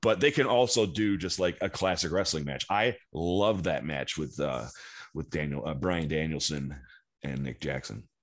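A man co-hosting a wrestling podcast, talking enthusiastically but haltingly and swearing casually. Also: rumbling low. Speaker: podcast co-host. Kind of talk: casual chat.

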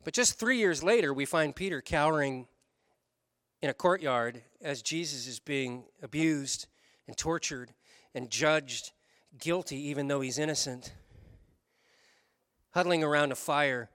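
A man preaching a sermon, telling a story in an animated way, switching between quick runs and slow, stressed words. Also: on the high side, dry recording, studio quality. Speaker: pastor.

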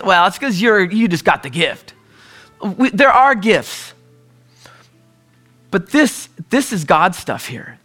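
A man from the US Northwest preaching a conversational sermon, telling stories and often clearing his throat. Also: sits high, fairly bright tone. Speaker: pastor.

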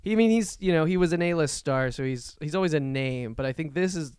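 A man's voice: a little high, fast talker, a little mellow, clean tone, no room sound, clean studio sound. A man co-hosting a casual movie review podcast, talking with wry, joking asides. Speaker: podcast co-host.

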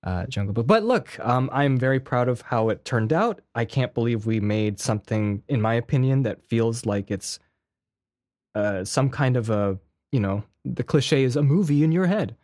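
A man co-hosting a podcast in casual chat, talking in a chatty, animated and self-deprecating way. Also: mid-range voice, moderate pace, no echo, clean studio sound. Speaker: podcast co-host.

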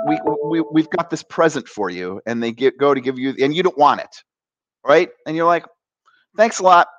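Animated man, dry close sound. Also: mid-range voice, no echo. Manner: animated, acts out quoted voices. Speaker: coach, interview guest. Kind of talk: conversational interview.

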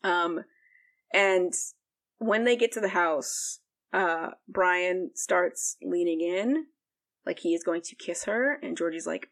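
A young woman co-hosts a podcast and rambles through a casual recap, leaning on fillers as she goes. Her voice sits fairly low and has a lot of vocal fry on it. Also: slow pace, a bit bright. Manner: rambling, heavy use of "like", frequent fillers. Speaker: podcast co-host. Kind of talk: casual book recap chat.

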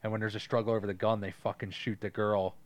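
A man's voice: on the low side, level tone, fast talker. Profane, joking male podcast co-host. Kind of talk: casual movie discussion.

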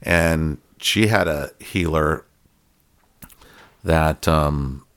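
A man's voice: a bass voice, extremely slow, fairly bright tone, clean tone. A middle-aged man telling a personal story in a casual, rambling way, full of fillers and restarts. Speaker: guest telling his story.

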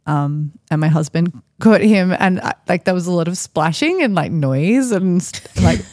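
A woman's voice: fairly low pitch, expressive, moderate pace, a little mellow, no room sound, studio quality. A woman, a podcast guest, telling a personal story in a chatty, rambling way with lots of fillers. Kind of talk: casual storytelling.

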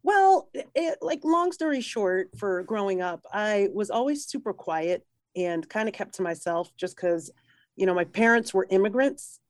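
New woman, musician guest, animated, mid-pitched, dry close sound. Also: dry recording. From New York. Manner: lively, laughing, fast-talking with lots of "like". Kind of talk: casual interview chat.

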